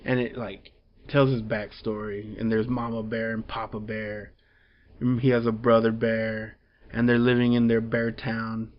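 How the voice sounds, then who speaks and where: A man's voice: fairly low pitch, flat delivery, a little slow. Rambling, chuckling man on lo-fi audio. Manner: rambling, chuckling plot retelling with filler words. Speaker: comic book reviewer. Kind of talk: casual review chat.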